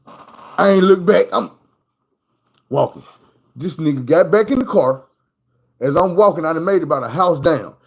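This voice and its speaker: Profane, animated man telling a story. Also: sits high, vocal fry, rough recording. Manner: loose, profane street talk; animated, acts out the people in his story. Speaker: streamer. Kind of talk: casual storytelling.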